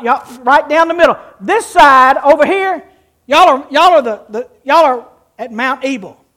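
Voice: high voice, a bit bright. A preacher reading scripture and teaching a congregation in a folksy, interactive way in church. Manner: folksy, teaching, with audience participation. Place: church before a live congregation.

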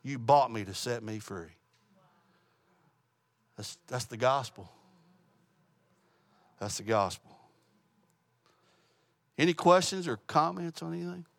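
A man's voice: medium pitch, expressive, slow, vocal fry, long pauses, no echo. A man teaching a Bible study, telling a story and closing in prayer, earnest and plain-spoken with small restarts. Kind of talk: sermon with storytelling.

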